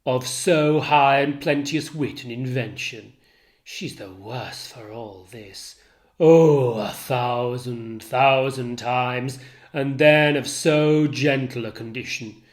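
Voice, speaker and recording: Tutor doing an enraged jealous general, anguished outbursts, slow unhurried delivery, dramatic play reading. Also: medium pitch, natural voice. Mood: raging grief. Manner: loud, anguished, swinging from shouts to hush.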